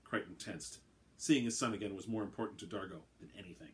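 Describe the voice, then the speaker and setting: A man narrating his own story aloud in a brisk, wry way. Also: lowish voice, a little mellow, slight background noise.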